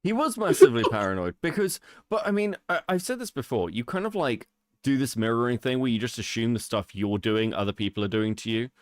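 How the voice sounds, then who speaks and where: Man, mid-range voice, very expressive, sarcastic and profane, dry close sound. Podcast co-host. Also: mid-range voice, brisk, dry recording. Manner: animated, mocking, swears freely. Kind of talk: casual commentary chat.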